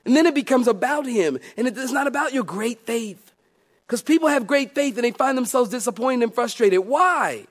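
A male pastor preaching a sermon, calling out to the congregation and swinging from soft, confiding asides to loud, emphatic declarations. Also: very high-pitched, lively intonation, moderate pace. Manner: calls out to the congregation.

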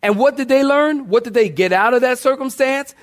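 A man preaching a sermon, building his points by repetition and calling on the congregation to respond. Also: fairly quick. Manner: preaching with call-and-response, sweeping pitch swings. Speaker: pastor.

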